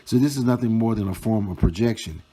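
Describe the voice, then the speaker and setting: Low, dark-voiced man, mocking vlogger. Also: breathy edge. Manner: slow, mocking and profane. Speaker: storytime vlogger. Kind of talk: reading out and commenting on chat screenshots.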